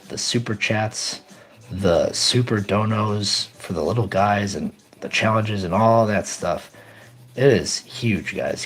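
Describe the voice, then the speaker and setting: A man's voice: lowish voice, slightly rough. A man casually chatting on his live stream, rambling upbeat as he reads out chat.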